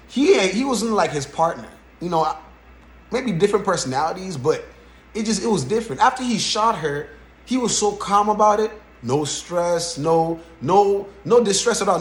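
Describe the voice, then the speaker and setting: A man hosting a podcast, giving casual reaction commentary in an animated way and often checking in with "right?". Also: mid-range voice. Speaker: podcast host. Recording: roomy echo.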